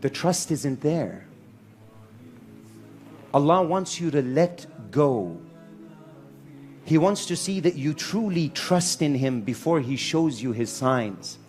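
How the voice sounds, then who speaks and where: A man preaching a lively sermon to a live audience in a hall, telling stories with acted-out voices and mixing in Arabic phrases. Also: on the high side, slow, pauses often, faint music behind. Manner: animated storyteller, acts out shouting characters; mixes Arabic phrases and Quranic recitation. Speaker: Islamic preacher.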